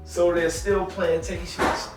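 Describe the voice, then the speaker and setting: A man's voice: high-pitched, flat delivery, takes it slowly. Man talking from a roomy distance. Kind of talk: casual chat. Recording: roomy, off-mic with music.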